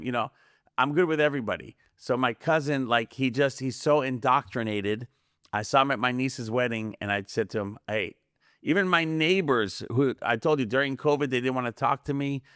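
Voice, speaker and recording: Man, podcast guest, rambling and animated, mid pitch, close dry mic. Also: clean tone, dry recording. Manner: rambling, animated, acts out quoted voices. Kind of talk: casual conspiracy podcast chat.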